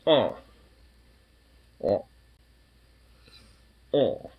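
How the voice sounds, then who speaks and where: A young man vlogging in a casual, rambling way who coos at his dog in high baby talk. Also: lively intonation, measured pace, pauses often. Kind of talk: casual chat.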